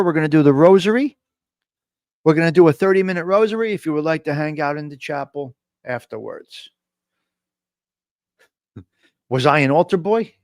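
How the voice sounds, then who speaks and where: A man's voice: on the high side, moderate pace, long pauses, no room sound, studio quality. A man with a New Jersey accent hosting a casual live-stream chat, brash and profane, joking and talking back to the chat.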